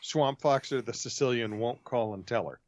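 A man's voice: medium pitch, moderate pace, dry recording. Joking New England man on a dull line. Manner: joking, stammers when excited. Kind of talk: casual chat. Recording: dull, dry sound.

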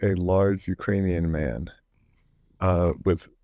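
A man with a low voice chats casually on a podcast, drifting through a story and chuckling along the way. The recording is dry and somewhat muffled, with no room sound. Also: fairly even intonation, slow pace, no echo. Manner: rambling storyteller, laughs while telling. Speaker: podcast co-host. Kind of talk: casual chat.

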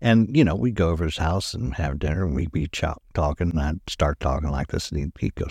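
A man's voice: very deep voice, brisk, darkish tone, husky, dry recording. A man in casual podcast chat, joking and laughing often.

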